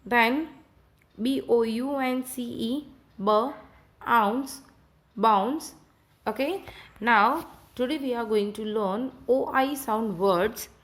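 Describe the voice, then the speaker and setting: A woman's voice: a little high, slow. A woman with a Gujarati English accent teaching a phonics lesson to young children. She spells each word letter by letter and then sounds it out.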